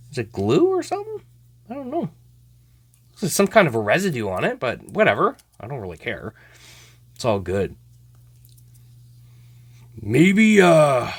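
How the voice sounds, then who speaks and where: Rambling, animated male card collector. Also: fairly high pitch, no room sound. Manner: hesitant, rambling, many trailing 'I don't know's; laughs easily, bursts into excited outbursts. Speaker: host of a hockey card show. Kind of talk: casual card-opening commentary.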